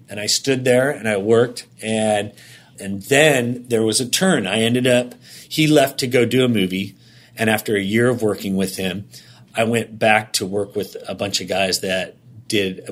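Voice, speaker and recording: A man telling a candid personal story as an interview guest, in long run-on sentences that act out the dialogue. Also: on the low side. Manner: animated, rapid run-on sentences, acting out dialogue.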